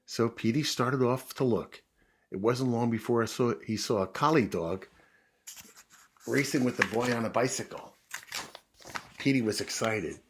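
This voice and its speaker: Husky-voiced man reading to kids. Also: medium pitch, unhurried, long pauses. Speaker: children's book reader. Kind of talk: reading a picture book aloud to children.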